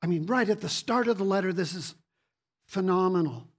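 With a husky mid-range voice and a fairly quick pace, a preacher teaches his congregation through a sermon. He reads scripture aloud, repeats words, and asks rhetorical questions.

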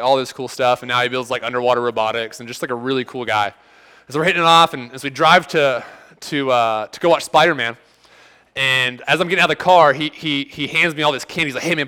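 A man's voice: medium pitch, pushed and bright, clean tone. A man preaching a sermon in a casual, conversational way, telling stories with quoted back-and-forth dialogue. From United States. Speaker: pastor.

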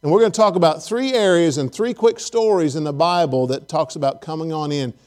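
A male pastor delivering a casual, storytelling sermon in a slightly high voice. He jokes, asks the congregation questions and keeps things friendly and loose. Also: brisk, darkish tone. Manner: conversational, joking, speaks straight to the congregation. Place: church service.

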